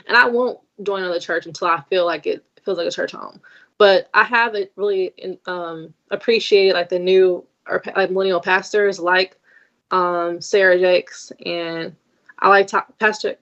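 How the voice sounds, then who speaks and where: A woman's voice: medium pitch, a bit bright. A young woman speaking thoughtfully in a casual chat, with many fillers like "like" and "um". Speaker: podcast guest. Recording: muffled remote audio.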